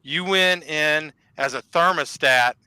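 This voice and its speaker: A man's voice: on the high side, takes it slowly, pushed and bright, smooth, no echo. A man chatting on a panel in an upbeat, encouraging way. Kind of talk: casual panel chat.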